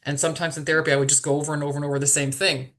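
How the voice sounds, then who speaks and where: A woman's voice: sits low, flat delivery, very fast, fairly bright tone. Hesitant, emotional woman telling her story. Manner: hesitant, repeats words, many fillers and restarts; openly emotional, vulnerable. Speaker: podcast guest.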